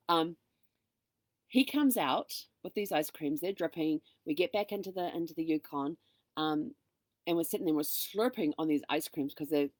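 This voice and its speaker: Middle-aged female host, low voice, dry close sound, animated storyteller who acts out dialogue. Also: no room sound. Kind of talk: casual storytelling monologue.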